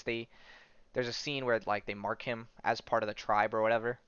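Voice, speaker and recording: A man's voice: fairly low pitch, little pitch movement, a little fast, fairly bright tone, clean tone, dry recording, dull audio. A man hosting a casual podcast, talking loosely with lots of fillers, tag questions and swearing as he retells a story. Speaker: podcast host.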